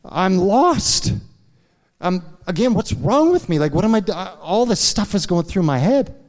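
At normal speed and with a sing-song lilt, a man with a high-sitting voice preaches to a congregation in a large church hall. The pastor tells a candid story from his own life, often pausing for asides to check in with his listeners.

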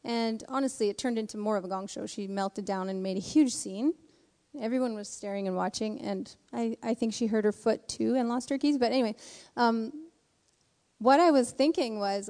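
A woman speaking in a church service, telling a personal story in an animated way and acting out the voices in it. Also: on the high side, moderate pace. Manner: animated storytelling with acted quotes. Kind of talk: sermon testimony. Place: church sanctuary. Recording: reverberant church hall.

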